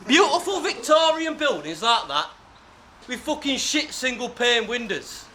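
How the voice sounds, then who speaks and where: A man's voice: extremely high pitch, big pitch swings, measured pace, bright, forceful tone, slight background noise, heavily acted. A man putting on a grumbling swearing bloke. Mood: griping. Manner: swearing, exasperated rant.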